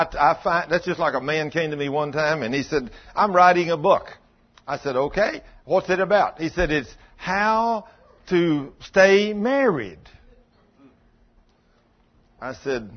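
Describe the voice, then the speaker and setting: A preacher man tells sermon stories in a folksy way, acting out both sides of each conversation. His voice sits a little high and sounds husky. The recording is dull and lo-fi. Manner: folksy, acts out dialogue, drops to low intense tones. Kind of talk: sermon storytelling.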